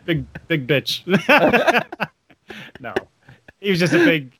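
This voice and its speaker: A man's voice: a little high, wildly swooping pitch, slow pace, sharp tone, breathy edge, no echo. Dry-sounding man telling a rambling story. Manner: rambling, anecdotal, many restarts and laughs. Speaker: wedding photographer, guest. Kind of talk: casual podcast chat.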